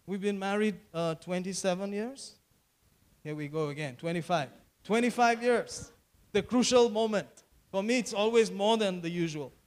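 A man's voice: sits high, moderate pace, darkish tone. A man, preaching a sermon as pastor, repeating phrases and calling for amens.

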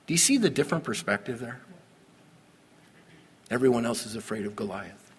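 A man preaching a sermon, pastor at the pulpit, animated with sudden loud emphasis. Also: mid-range voice, a little fast, big-room sound, slight background noise.

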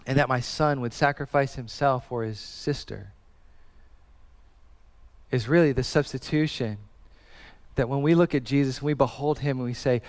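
Man, 30s, pastor, sermon, earnest, conversational, repeats phrases, slightly high voice. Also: normal speed, smooth, big-room sound.

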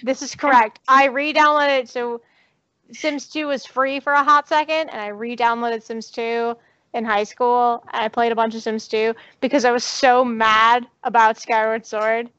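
A woman's voice: fairly high pitch, flat delivery, unhurried, a bit bright, clean tone, no echo, dull audio. Chatty, playful woman podcast co-host. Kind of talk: casual chat.

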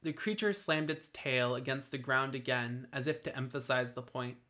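A man with a mid-range voice narrates a scripted fantasy story aloud, keeping a steady, measured storytelling delivery.

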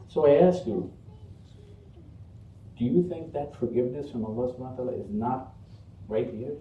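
A man's voice: medium pitch, normal speed, pauses often, slight background noise. A man delivering a Friday sermon in a mosque, speaking earnestly in rhythmic, building lists. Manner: earnest, rhythmic listing with rising emphasis. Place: mosque prayer hall. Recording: echoey hall, distant muffled mic.

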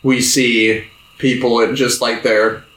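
A man co-hosting a podcast, chatting casually about films and acting out quotes in sudden high voices. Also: little pitch movement, slow pace, a bit bright. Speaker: podcast co-host. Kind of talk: casual film discussion. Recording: roomy echo.

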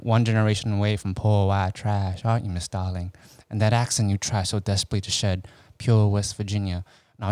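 A man's voice: fairly low pitch, a little mellow, no echo, studio quality, lightly acted. A man voicing a cold, refined older male psychiatrist killer, silky and taunting, dropping into whispers.

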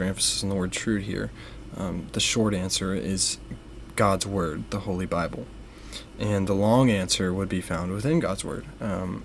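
A young man with a fairly low voice co-hosts a casual faith podcast. He explains things slowly and carefully and leans on frequent ums. A faint hiss sits behind the voice. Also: vocal fry. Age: young adult. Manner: measured, with many fillers. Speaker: podcast co-host.

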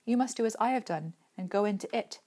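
A woman reading a story aloud, voicing a possessed little boy who speaks in a flat, emotionless, mocking way. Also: mid-range voice, quick pace, lightly acted. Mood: cold flat.

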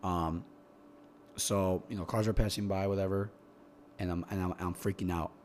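A man's voice: deep voice, steady tone, normal speed, darkish tone, slight background noise. A young man telling a long, rambling, profane story in casual podcast chat, often repeating words as he gets going. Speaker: podcast guest.

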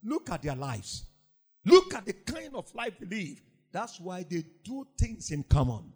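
A man preaching a sermon as pastor, swinging from loud emphatic lines to low mocking asides. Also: very animated, a little slow, breathy edge.

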